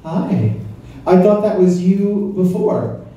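A man on a comedy club stage with a slightly high voice, working through crude material at a slow, unhurried pace and teasing the audience. The sound is very roomy and picked up from a distance, with a crowd laughing clearly around him. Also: animated, dark tone, lo-fi sound. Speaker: stand-up comedian. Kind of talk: stand-up set at a comedy club.

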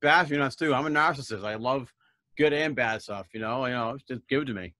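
A man's voice: mid-range voice, fairly quick, bright, forceful tone, dry recording. A man co-hosting a casual comics review show, joking and self-deprecating. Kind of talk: casual podcast chat.

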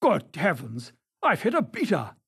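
A blustering country gentleman barking orders, as a man puts him on. The voice is raised, husky and impatient, with wide swings in pitch. He is a storybook sportsman, quick to blame others. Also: expressive. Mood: brusque. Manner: brusque, shouting. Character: gruff, loud, impatient gentleman hunter.

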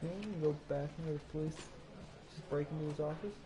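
A man's voice: fairly high pitch, fairly quick, noisy background. Flustered Canadian man playing a game. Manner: flustered, self-deprecating. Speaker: game streamer. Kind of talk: casual let's-play commentary.

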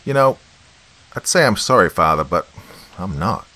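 A man's voice: deep voice, expressive, moderate pace, full character voice. A man voicing a tough, blunt young woman who runs a bar. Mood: defiant. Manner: blunt, curt, loud.

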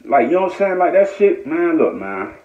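A man's voice: on the high side, big pitch swings, fairly quick, darkish tone. A man from Norfolk, Virginia, delivering a heated, repetitive, profane rant on a live stream. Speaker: online commentator. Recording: echoey, dull lo-fi phone audio.

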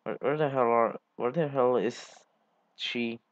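Slow, rambling man on a dull mic. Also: mid-range voice, no echo. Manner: rambling, halting, swears casually. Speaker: gaming channel host. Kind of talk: casual gameplay commentary.

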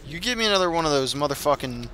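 A man's voice: fairly high pitch, expressive, rapid-fire, pushed and bright, slight background noise. A man swearing and trash-talking through frustrated gameplay commentary. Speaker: gamer.

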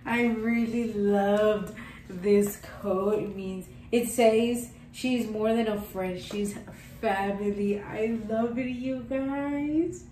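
Young woman, casual vlog, gushing, unhurried, roomy sound, faint hiss. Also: medium pitch, fairly even intonation, warm tone, far from the mic. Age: young adult. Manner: gushing, sentimental. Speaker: vlogger. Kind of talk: casual vlog talk to camera.

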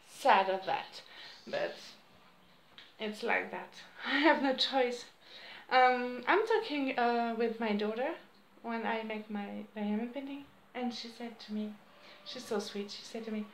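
A middle-aged woman from New Caledonia, chatting in halting English full of fillers about her crafts. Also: fairly high pitch. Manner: halting non-native English, many fillers. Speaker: crafting vlogger. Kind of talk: casual chat. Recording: echoey room with faint ambient noise.

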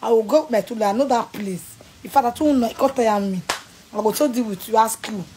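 A woman with a Nigerian accent, ranting angrily and scolding someone in bursts of shouting and threats. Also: a little high, brisk, a little hiss or hum, low-quality recording. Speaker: vlogger. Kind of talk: angry rant to camera.

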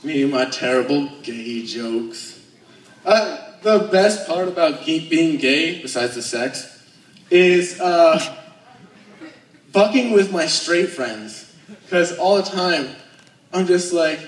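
A young man from Alaska, United States, performs his first stand-up set, telling crude jokes in a nervous, self-deprecating way. His voice is on the high side and expressive, and he speaks slowly. The room is echoey and he sounds far from the microphone.

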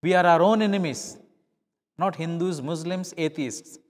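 A man's voice: fairly high pitch, moderate pace, in a large hall. A middle-aged male pastor preaching a sermon, telling stories and acting out the dialogue in changing voices. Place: church.

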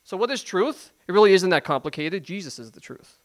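Man, pastor, sermon, conversational, emphatic, rhetorical questions, fairly high voice. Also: lively intonation, brisk.

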